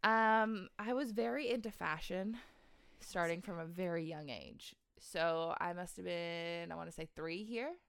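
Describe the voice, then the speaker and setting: A young woman from Canada, telling a childhood story on a podcast, animated and giggly. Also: fairly low pitch, a little slow, vocal fry, clean tone, no echo, studio quality. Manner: animated, giggly, puts on voices when quoting. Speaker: podcast co-host. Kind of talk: casual storytelling chat.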